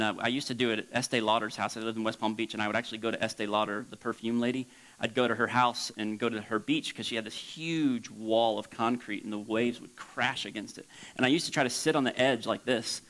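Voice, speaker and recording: A man from Florida preaching as a pastor, leaping up high for emphasis and dropping to a soft hush for reflection. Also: rough recording. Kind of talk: sermon.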